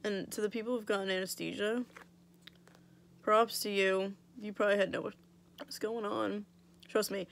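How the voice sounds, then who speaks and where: Young woman vlogger, gravelly, swears casually, chatty and candid, mouth swollen after surgery. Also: medium pitch, fairly bright tone. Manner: chatty, blunt, swears freely, lots of "like". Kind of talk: casual storytelling vlog.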